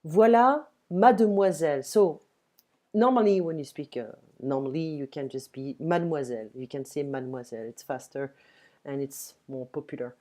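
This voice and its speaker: A woman teaching a beginner French lesson online, patiently explaining and reading dialogue lines slowly and clearly. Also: a bass voice, dark tone.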